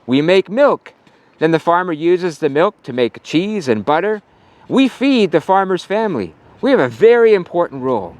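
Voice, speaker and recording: Proud, matter-of-fact storybook cows, as a man puts them on, slow and drawn out. The voice sits fairly high and moves lively. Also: no echo.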